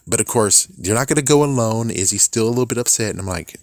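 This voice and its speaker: Young male reviewer, lower pitch, excitable and profane, dry close-mic sound. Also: quick pace, few pauses, no room sound. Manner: animated, swears a lot, laughs often. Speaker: show reviewer. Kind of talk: casual episode review commentary.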